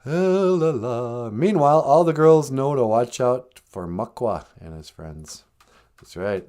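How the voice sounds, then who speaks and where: A man's voice: medium pitch, unhurried, a little mellow. A man hosting a comedic podcast, joking sardonically and laughing at his own jokes. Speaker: podcast host.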